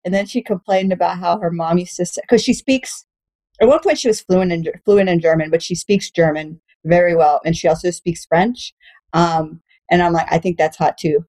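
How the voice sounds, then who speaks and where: A woman's voice: on the low side, steady tone, moderate pace, mellow. A woman comedian from Texas, chatting casually about her dating life, telling stories candidly, swearing often and laughing as she goes. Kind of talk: casual podcast chat, storytelling.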